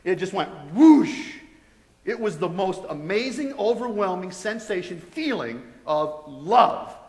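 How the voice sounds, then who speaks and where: A man giving a testimony to students, telling it in an animated way and acting out his own reactions. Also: sits high, a little slow. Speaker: guest speaker sharing a testimony. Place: large college hall. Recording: echoey hall.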